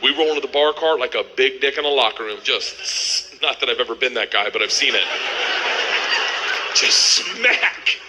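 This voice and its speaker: A middle-aged man telling a wild story as a stand-up comedian, loud and animated, yelling punchlines in high voices. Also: fast talker, hardly any pauses, heavy background noise.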